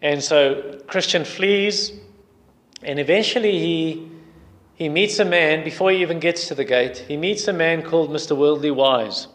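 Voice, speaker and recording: A man's voice: fairly high pitch, moderate pace, fairly bright tone. A male preacher delivering a sermon and retelling a story in an emphatic way. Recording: long hall reverb.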